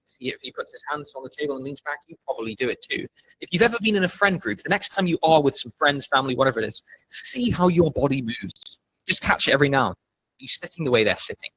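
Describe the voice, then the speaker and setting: A man's voice: medium pitch, a bit bright, slight background noise, rough recording. A young man coaching on sales in a casual, blunt, profane way, with a lot of emphasis. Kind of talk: casual instructional talk.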